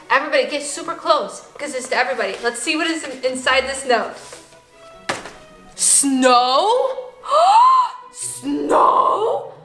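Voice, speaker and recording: A high, bright young woman vlogging at home. She gushes in a bubbly way, peppers her talk with "like" and breaks into excited gasps. The room sounds echoey, with faint music playing underneath. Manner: bubbly, gushing, fillers of "like", gasping with excitement. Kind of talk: excited casual vlog.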